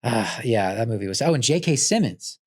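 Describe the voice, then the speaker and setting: A man speaks as a guest in a relaxed conversation. He is reflective and articulate, pausing on thoughtful fillers now and then. His voice sits at an everyday middle pitch. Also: husky. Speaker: podcast guest, actor. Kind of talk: casual interview chat.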